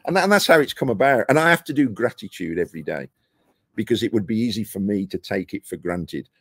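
A middle-aged man from the United Kingdom talks casually in an interview, his voice low and gravelly with a husky edge. He spins lively anecdotes and slips into the voices of the people he quotes. The sound is close and dry. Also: fast talker, no echo. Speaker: guest, property investor. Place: rooftop terrace outdoors.

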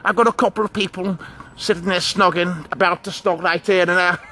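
A man's voice: high-pitched, steady tone, a little fast, bright, forceful tone. A man hosting a casual vlog outdoors in a park, with a theatrical, sing-song delivery. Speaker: vlogger host.

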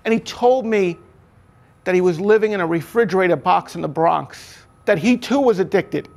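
A man's voice: high voice, normal speed, gravelly, darkish tone. A middle-aged man, a former corrections officer, earnestly telling his life story in an interview and acting out the voices of the people in it.

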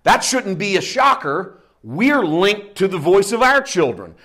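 A middle-aged man preaching a sermon, dropping into hushed low asides and rising to loud emphatic peaks. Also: big pitch swings, unhurried. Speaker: pastor.

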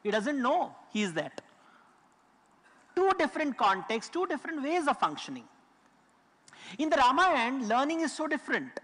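A man's voice: extremely high pitch, big pitch swings, normal speed, long pauses, bright, forceful tone. Man lecturing in a reverberant hall. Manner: explanatory storytelling, emphatic repetition. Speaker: public speaker. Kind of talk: lecture talk.

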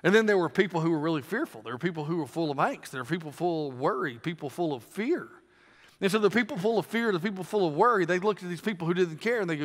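A man with a Southern US accent preaching a sermon as pastor, emphatic and repeating phrases for stress, swinging between loud and quiet. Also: sits high, animated, fast talker. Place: church. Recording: long reverb of a church hall.

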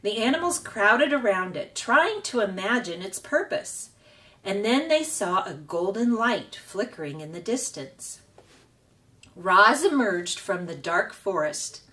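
A woman reading a children's book aloud in a slow, expressive way as a storytime host. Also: medium pitch, far from the mic.

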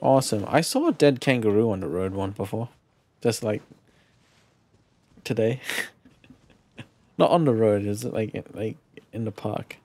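A man streaming a video game live, chatting casually, excitable and profane, with playful shouted exclamations. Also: on the low side, a little slow, pauses often, no echo. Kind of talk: casual live gameplay commentary. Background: faint game music.

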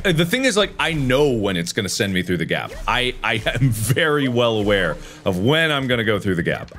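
A young man talking over his gameplay, lurching from low grumbles to sudden yells as he rages. His voice is bright and ringing, his pitch leaps wildly, and his slow talk runs over faint background music. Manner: swings from low mutters to loud yelling. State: frustrated and raging. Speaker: gaming video creator. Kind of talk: let's play commentary.

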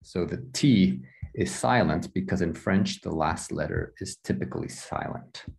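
A man's voice: deep voice, measured pace, vocal fry, darkish tone. A man teaching an online English class, encouraging and explaining with examples. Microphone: video call.

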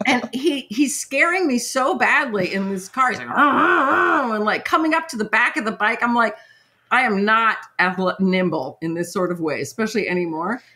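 A middle-aged woman host telling a story in casual chat, animated and laughing, with many fillers. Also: medium pitch, normal speed. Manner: animated, laughing, lots of "like" and "right?". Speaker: podcast host.

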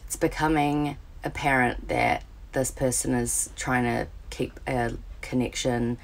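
Low-voiced Australian woman asking advice. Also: steady tone, unhurried, creaky. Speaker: listener sending a question. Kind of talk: recorded video question.

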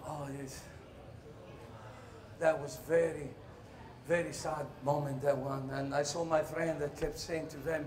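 Male stage performer, comic monologue, high voice, lively acting. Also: measured pace, long pauses. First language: Italian. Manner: animated storytelling, jumps into shouted voices and laughter.

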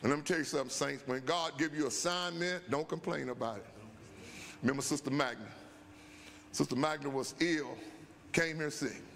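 An older man, a bishop and pastor, preaching at a Bible study and telling stories that climb into shouts, in a church sanctuary. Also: a little high, moderate pace, vocal fry, slight background noise. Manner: storytelling preacher, rising to shouts. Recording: long church-hall reverb.

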